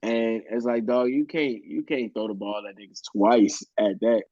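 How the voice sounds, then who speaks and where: A man's voice: medium pitch, normal speed, dark tone, no room sound, lo-fi sound. A man co-hosting a podcast in casual chat, talking bluntly and swearing a lot. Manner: blunt, profane, heated. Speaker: podcast co-host.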